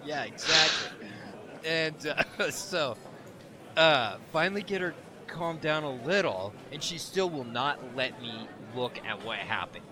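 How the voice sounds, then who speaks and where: A man co-hosting a podcast, telling a story in a casual, animated way and laughing often. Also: on the high side, extremely slow, pauses often. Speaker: podcast co-host.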